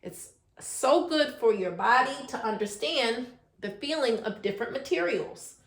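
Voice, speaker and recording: A woman teaching little ones in a virtual class, her high voice leaping up and down in a sing-song way. She takes her time, stretching out each letter sound and coaxing the children with questions, while the echoey room rings around her. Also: expressive, unhurried. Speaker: preschool teacher.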